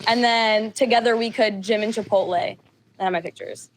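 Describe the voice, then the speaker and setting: A woman's voice: on the high side, fairly even intonation, a little fast, slight background noise. Hesitant woman calling in to a podcast. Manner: hesitant, filler-heavy. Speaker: caller. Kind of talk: casual call-in chat.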